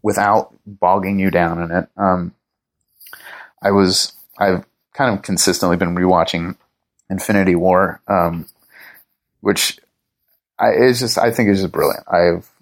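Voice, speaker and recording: A man speaks in a fairly low register as an interview guest. He talks casually and enthusiastically, circling his thoughts with fillers and restarts. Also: steady tone, unhurried, long pauses. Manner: rambling, lots of fillers and restarts; enthusiastic fan talk. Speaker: guest writer and TV producer.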